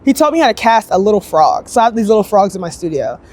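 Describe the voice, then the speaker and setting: Young woman, chatty, upbeat, casual interview, mid-pitched voice, sculptor telling her story. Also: big pitch swings, darkish tone. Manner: chatty, upbeat, quick bursts, acts out quoted voices.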